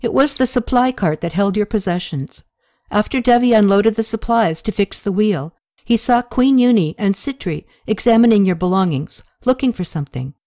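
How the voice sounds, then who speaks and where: A woman's voice: medium pitch, expressive, normal speed, warm tone, dry recording, clean studio sound, voice pushed up, lightly acted. A woman reading the part of a young prince and commander, speaking in a hesitant, earnest way in an audiobook. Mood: urgent.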